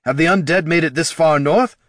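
A man reading out a drunk, bitter knight commander with a higher, raised voice, sneering and worn out, every line dry and sardonic. The voice sounds close and dry, with no room around it, as in a fantasy audiobook. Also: fairly quick, fairly bright tone, dry recording, lightly acted. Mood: blunt.

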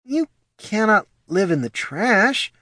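A man's voice: high voice, very animated, slow pace, pushed and bright, no echo, clean studio sound, pitched above the performer's own voice, full character voice. A man voicing a polite, formal scribkin banker who sounds flustered and guilty, in a storybook reading.

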